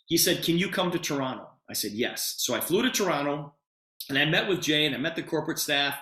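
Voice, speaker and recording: A middle-aged man giving a storytelling sales pitch as a presenter, animated and acting out conversations in quotes. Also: fairly quick. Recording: echoey room.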